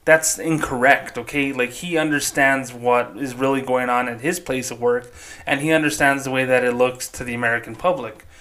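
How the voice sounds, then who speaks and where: A man's voice: medium pitch, steady tone, normal speed, fairly bright tone. Blunt, sarcastic man hosting a podcast. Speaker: podcast host. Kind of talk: opinionated commentary podcast.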